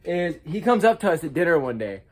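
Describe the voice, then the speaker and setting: A young man with an American accent telling funny college stories in a casual vlog, jumping from loud squeaky outbursts to low mumbled asides. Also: sing-song, fairly quick. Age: young adult.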